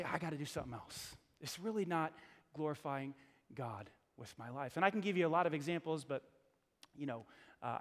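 Middle-aged male pastor with a high voice, conversational and emphatic sermon delivery, long hall echo. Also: fairly bright tone. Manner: conversational, emphatic preaching with repeated phrases.

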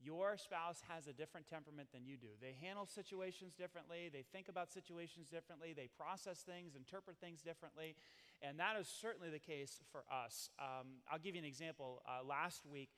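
A middle-aged man co-hosting a marriage talk, telling rambling, animated stories full of restarts. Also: a little high, a little fast, big-room sound. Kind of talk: casual storytelling talk.

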